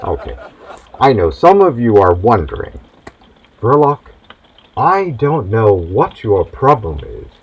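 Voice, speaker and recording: Husky, hammy mad-doctor host. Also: male voice, medium pitch, poor audio. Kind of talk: comic monologue.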